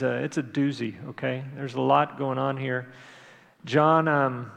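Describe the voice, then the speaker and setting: A male pastor with a gravelly, creaky edge to his mid-pitched voice, preaching in a relaxed, conversational way. He pauses and restarts often, as if talking things through with the congregation. His voice carries the long reverb of a large church sanctuary. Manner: conversational, unhurried, with frequent fillers and restarts. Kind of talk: sermon.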